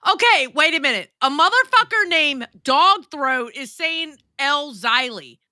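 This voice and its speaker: A woman's voice: high voice, animated, a little slow, bright, forceful tone, no echo, studio quality. A woman co-hosting a livestream in casual chat, tipsy, brash and crude, swearing a lot. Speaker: livestream co-host.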